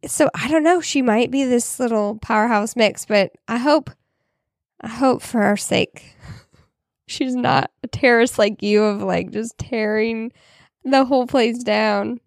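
A woman's voice: a little high, a little slow, no echo, studio quality. A woman co-hosting a podcast, talking in casual chat with many fillers. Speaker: podcast co-host.

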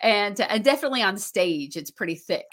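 A woman with a Southern US accent co-hosting a podcast over a video call, animated and teasing, laughing often. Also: mid-range voice, brisk. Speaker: podcast co-host. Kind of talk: casual chat.

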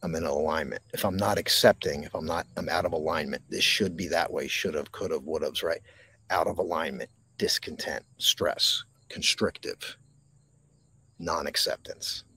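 A man hosting a live mindfulness podcast from a park, talking slowly and reflectively with dramatic pauses and reading viewer comments. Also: extremely low pitch, pushed and bright, husky. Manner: reads and answers viewer comments. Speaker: podcast host. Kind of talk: live-streamed mindfulness talk. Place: outdoors in a park.

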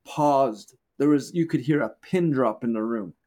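A man co-hosting a podcast, telling a testimony story in conversation with animated, lively retelling. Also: mid-range voice, unhurried. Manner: animated, excited retelling with acted quotes. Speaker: podcast co-host.

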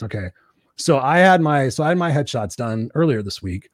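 A man's voice: medium pitch, animated, moderate pace, dry recording, clean studio sound. A man co-hosting a casual livestream chat, joking around and reading out viewer comments. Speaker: co-host.

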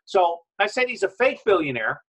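A man with a husky, somewhat high voice talks in a forceful, emphatic way, jumping between claims. He comes through a video call whose audio glitches and turns robotic at times. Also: very animated, normal speed, low-quality recording. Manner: emphatic, rambling, combative. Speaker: guest. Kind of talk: opinionated remote interview.

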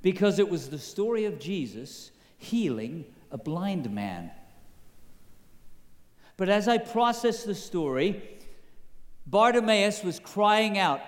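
A man preaching a sermon, telling a story slowly and building to emphatic high points. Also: very animated. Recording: echoey hall with long reverb.

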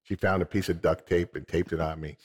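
A man, an inventor guest, telling his story in a TV interview with halting restarts and chuckles. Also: low voice, fairly even intonation, slightly rough.

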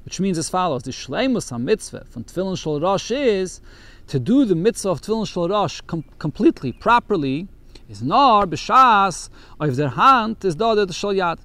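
Man teaching a text lesson, somewhat high. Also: sing-song, normal speed, sharp tone. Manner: reads Yiddish text aloud, then explains it in English. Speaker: Torah teacher.

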